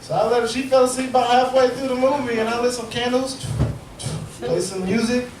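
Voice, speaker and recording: High-voiced man doing crude stand-up. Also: steady tone, fairly quick, background noise. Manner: crude, storytelling with acted quotes. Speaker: stand-up comedian. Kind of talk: stand-up set. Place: comedy club stage. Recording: echoey club, far mic, loud crowd. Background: audience laughter.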